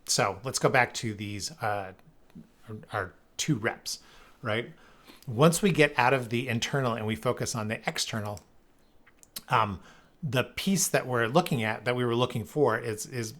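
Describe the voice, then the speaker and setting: A man's voice: mid-range voice, a little slow, fairly bright tone. Conversational man presenting a webinar. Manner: conversational, tags points with rhetorical "right?". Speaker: sales leadership speaker.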